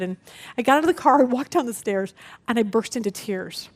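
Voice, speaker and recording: A middle-aged woman teaching a women's Bible study, telling family stories with expressive, acted-out voices. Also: high-pitched, a little fast.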